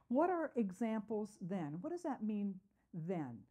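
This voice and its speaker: A woman's voice: mid-range voice, big pitch swings, unhurried, warm tone, slightly rough, lo-fi sound. A woman teaching a Bible study lesson, asking her class questions and answering them herself, earnest, with frequent "uh" fillers.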